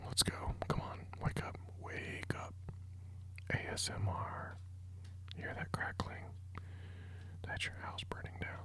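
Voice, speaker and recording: A man putting on a mock ASMR whisper in a whispered role-play, hushed and deadpan. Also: measured pace, long pauses. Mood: hushed teasing.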